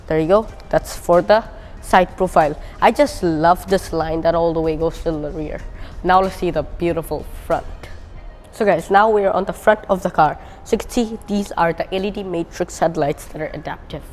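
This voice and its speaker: A woman's voice: lowish voice, normal speed, darkish tone, soft background music. A woman reviewing a car on camera, casually pointing out its features as she walks around it. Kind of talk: walkaround car review vlog.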